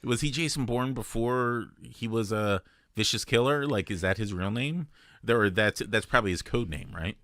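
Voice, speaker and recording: A man's voice: mid-range voice, moderate pace, a bit bright, no echo, studio quality. A man hosting a casual podcast, chatting in a jokey way that wanders off on tangents. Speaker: podcast host.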